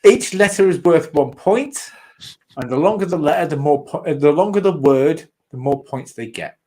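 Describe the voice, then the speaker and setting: A man's voice: on the high side, expressive, moderate pace, dark tone, rough recording. A man hosting a trivia quiz over a call, rambling and laughing mid-sentence as he corrects himself. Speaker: quizmaster host.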